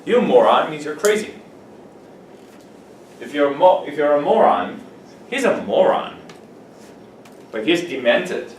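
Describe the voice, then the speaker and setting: Guy teaching english words to a class, voice jumps all over, bit high, echoey room heard from far off. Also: measured pace, long pauses, slight background noise. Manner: animated, playful, acts out examples. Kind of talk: classroom vocabulary lesson.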